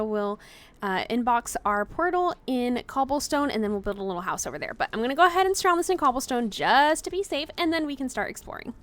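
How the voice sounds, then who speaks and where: A young woman hosting a let's play video game commentary, chatty and excitable, breaking into panicked yelps. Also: fairly high pitch. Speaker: gaming channel host.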